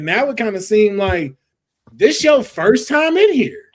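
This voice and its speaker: Male podcast host, slightly high voice, emphatic and slangy, casual chat. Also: expressive, measured pace.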